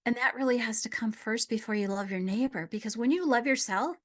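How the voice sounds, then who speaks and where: A middle-aged woman gently telling a personal story in a reflective conversation, dropping at times to a near whisper. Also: fairly high pitch, brisk. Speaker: guest sharing a personal story.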